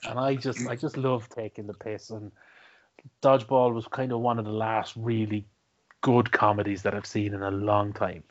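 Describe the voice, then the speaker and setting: A man's voice: lowish voice, flat delivery, moderate pace. A man co-hosting a movie chat in an easygoing, joking way. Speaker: podcast co-host. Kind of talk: casual chat. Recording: dull, muffled audio.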